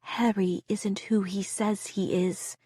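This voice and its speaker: A woman voicing a tense, scarred woman doctor with a thick country accent who speaks in hushed, urgent tones. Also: on the high side, animated, unhurried, breathy edge, no echo, studio quality, pitched above the performer's own voice. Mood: urgent whisper. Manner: loud false cheer, then hushed urgent whispers.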